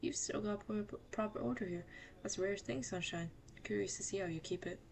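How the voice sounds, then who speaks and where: Brief: a gruff, swaggering drifter, a woman trying a British accent. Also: medium pitch, a little fast, a little mellow, lightly acted. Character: rough male drifter who says survival of the fittest.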